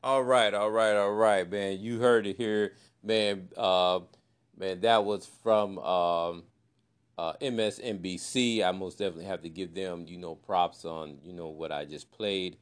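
A man's voice: low-pitched, fairly even intonation, unhurried, clean tone. A man hosting his own podcast, talking loosely and chatting away, with "man" in nearly every sentence. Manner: loose and chatty, says "man" constantly, many fillers. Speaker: podcast host. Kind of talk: casual solo podcast talk.

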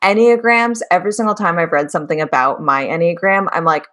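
A woman's voice: fairly low pitch, a bit bright. Upbeat chatty woman hosting a podcast. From Boston area. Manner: upbeat and chatty, quick to laugh. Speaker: podcast host. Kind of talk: casual podcast interview.

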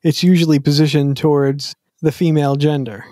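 A man's voice: on the high side, flat delivery, fairly quick, mellow, dry recording, clean studio sound. A man co-hosting a podcast in casual chat, reflective and blunt in his opinions. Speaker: podcast co-host.

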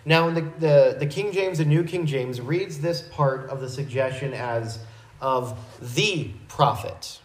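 A man preaching a verse-by-verse Bible teaching in a measured, explanatory way, with small restarts. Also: on the high side, roomy sound, poor audio.

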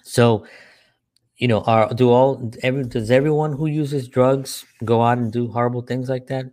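A man's voice: mid-range voice, fairly even intonation, normal speed, a little mellow, no echo. A man who works with a church, telling earnest, rambling personal stories with many rhetorical questions. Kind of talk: personal storytelling talk.

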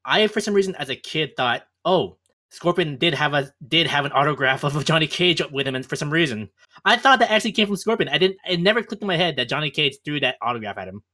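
A man guesting on a podcast tells his stories eagerly and at a rapid clip. His tone is bright. He keeps it casual. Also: fairly high pitch, expressive. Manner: eager, quick storytelling. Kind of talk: casual chat.

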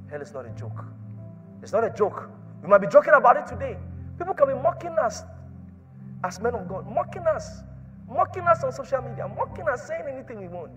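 A man with a high voice preaches a sermon, repeating his lines over and over. He drops to a near whisper, then rises to a shout. Soft music plays faintly underneath. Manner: repetitive, swings from hushed to shouting.

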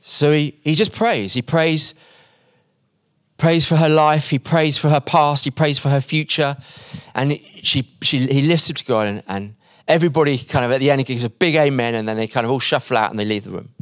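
A male preacher telling a story in a sermon, acting out the quoted voices and dropping quiet and slow at the emotional points. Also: medium pitch, no room sound, studio quality. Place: conference hall.

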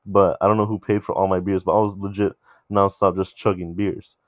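A young man casually telling a long, animated story among friends, swearing freely. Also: deep voice, fairly quick, no echo, clean studio sound.

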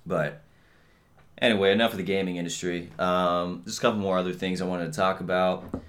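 A young man holds forth on a podcast in a loose, profane rant, full of fillers and asides. His voice sits a little low for a man. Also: fairly even intonation, brisk, a bit bright. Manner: profane, blunt, heavy on filler and "you know what I mean". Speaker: podcast host. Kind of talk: casual rant.

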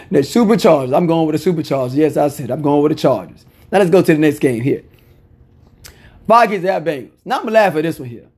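A man's voice: on the high side, animated, quick pace, darkish tone, breathy edge. A man talking through his weekly football betting picks in a casual, opinionated way, repeating phrases for emphasis. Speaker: sports picks commentator.

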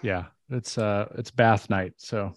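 A man's voice: fairly low pitch, fairly even intonation, slow, no room sound, soft background music. A man co-hosting a casual podcast, rambling with lots of fillers and restarts. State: out of breath. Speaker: podcast co-host. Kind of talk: casual chat.

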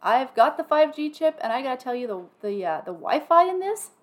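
A woman's voice: sits high, brisk. A woman co-hosting a podcast in casual chat, telling stories animatedly and acting out quotes with swearing. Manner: animated storyteller, acts out quotes loudly, swears. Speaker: podcast co-host. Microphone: podcast microphone.

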